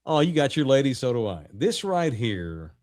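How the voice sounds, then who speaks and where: A man's voice: mid-range voice, normal speed, no echo, studio quality. A man co-hosting a sports podcast, telling stories in a casual, profane way and acting out what others said. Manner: animated storytelling, profane, acts out quotes loudly. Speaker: podcast co-host.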